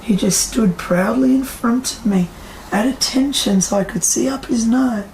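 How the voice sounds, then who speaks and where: A chatty woman with a slightly high voice, talking to a live audience as a psychic medium. She acts out the people she quotes and puts questions to the crowd. Her voice echoes in the room over a faint hum. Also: normal speed, a little mellow. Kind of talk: storytelling talk to a live audience.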